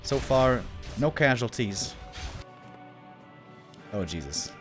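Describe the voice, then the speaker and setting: A man's voice: medium pitch, lively intonation, slow pace, soft background music. A man giving live commentary on a strategy game match, chatty, exclaiming at big plays and drifting into casual asides to viewers. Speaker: esports caster.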